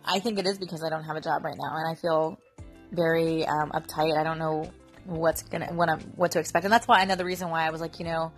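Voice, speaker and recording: A mother in her thirties who leads a Daisy troop tells a story in a casual vlog, chatty and rambling with plenty of fillers. Her voice is low and steady but she talks fast, with soft music playing behind her.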